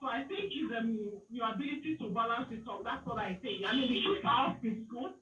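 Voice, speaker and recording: A man from Nigeria calls in to a talk show and gives calm advice, often checking that he is understood. His voice is high for a man. The line is dull, echoey and distant. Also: a little fast. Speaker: caller. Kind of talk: phone-in opinion.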